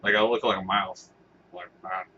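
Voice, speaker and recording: A man's voice: low voice, steady tone, normal speed, dull audio, a little hiss or hum. A man talking casually to camera as a vlogger, rambling and swearing with laughing asides. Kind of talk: casual vlog commentary.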